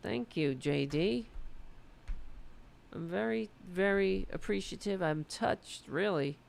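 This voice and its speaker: American woman streaming, really raspy gravelly voice, slow easy talk, swears a lot, kinda losing her voice. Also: medium pitch, darkish tone. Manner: loose, profane, rambling. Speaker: political livestream host. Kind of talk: casual livestream chat.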